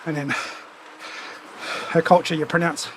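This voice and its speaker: A man's voice: fairly high pitch, level tone, a little slow, slight background noise, low-quality recording. A man with a runny nose from a cold, chatting casually and rambling with asides while riding on a home trainer as a stream host. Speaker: streamer hosting a cycling ride-along.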